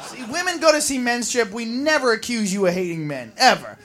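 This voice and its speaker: A male stand-up comedian, profane and animated, shouting his bits on stage. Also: very high-pitched, fairly quick, over loud music. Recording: live club with loud crowd and noise.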